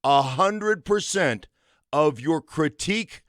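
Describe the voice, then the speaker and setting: Speaking slowly in a fairly high, expressive, slightly bright voice, a fifty-something ex-football player and radio co-host tells sports stories with emphatic conviction in a studio. The recording is dry.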